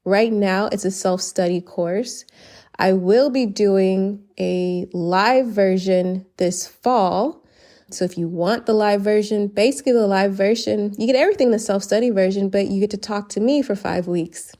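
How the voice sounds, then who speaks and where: A podcast host living abroad in Barcelona speaks a little slowly in a warm, mid-range voice on her solo show. She sounds earnest and grateful, laughing between sentences and getting a little choked up.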